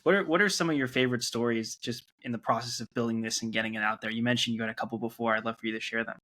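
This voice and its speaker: A man's voice: medium pitch, steady tone, racing, pushed and bright. Male interviewer host, mid-range voice, laughs along with the guest. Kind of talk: interview questions.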